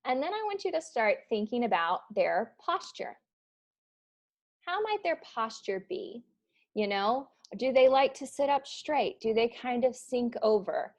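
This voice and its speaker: A woman's voice: fairly high pitch, animated, a little slow. A woman teaching an online improv class in a casual way, with plenty of fillers. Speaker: improv instructor. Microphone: video call.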